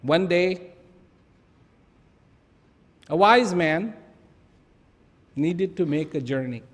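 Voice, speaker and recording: A man telling a parable to an audience in a slow, deliberate way. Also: a little high, animated. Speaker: storyteller. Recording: long hall reverb.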